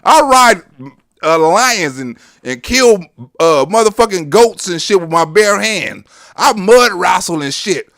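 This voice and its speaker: A man's voice: high-pitched, animated, slow pace, fairly bright tone, no room sound, studio quality, full character voice. A man voicing a boastful, scoffing tough-guy world leader in a comic bit. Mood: bragging. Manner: bragging, scoffing.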